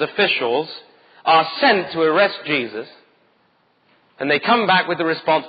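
Husky, urgent male preacher. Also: on the high side, lively intonation, moderate pace, big-room sound, lo-fi sound. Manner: urgent, emphatic, rhetorical questions. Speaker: pastor. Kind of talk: sermon.

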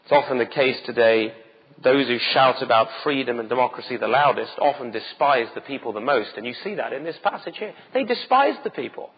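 Husky, urgent male preacher. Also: medium pitch, a little fast, long reverb tail, dull audio. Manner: urgent, emphatic, rhetorical questions. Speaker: pastor. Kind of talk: sermon.

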